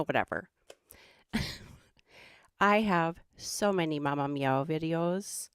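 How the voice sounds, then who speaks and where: A woman's voice: low voice, fairly even intonation, unhurried, pauses often, smooth, dry recording, studio quality. A middle-aged woman with a Minnesotan accent who hosts a livestream and chats casually in a rambling way, laughing often. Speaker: host.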